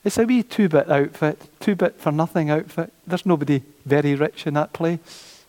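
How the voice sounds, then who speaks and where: A man preaching a sermon, animated, repeating his phrases and acting out the voices of doubters. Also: on the high side, moderate pace. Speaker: pastor. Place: church. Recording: long church reverb.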